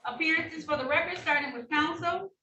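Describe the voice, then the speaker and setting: High, bright-voiced woman judge. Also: a little fast. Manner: patient, reassuring, businesslike. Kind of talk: courtroom proceedings over video call. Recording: echoey room, picked up from a distance, faint noise.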